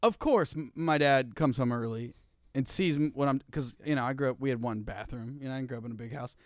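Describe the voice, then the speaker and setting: A man's voice: mid-range voice, fast talker, no echo, studio quality. A young man co-hosting a podcast, telling a long crude story in a rambling, laughing way. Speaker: podcast co-host. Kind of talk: casual chat.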